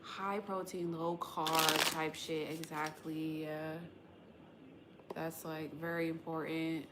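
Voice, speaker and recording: A woman's voice: sits low, flat delivery, slow, very noisy. A woman hosting a tarot livestream, chatting loosely with viewers in a slangy, rambling way and swearing casually. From West Coast of the United States. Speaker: tarot reader livestream host.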